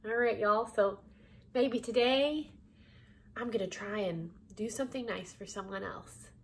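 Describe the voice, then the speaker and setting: A woman's voice: mid-range voice, a little slow, a little hiss or hum. A woman reading a children's storybook aloud, adding laughing asides to her listeners. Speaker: storybook reader.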